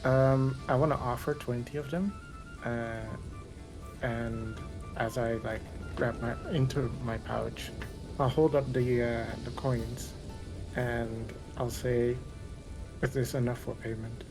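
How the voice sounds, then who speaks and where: A man's voice: medium pitch, fairly even intonation, slow, poor audio. A man playing a tabletop roleplaying game, describing his actions hesitantly with many fillers. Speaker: player. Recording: music playing behind.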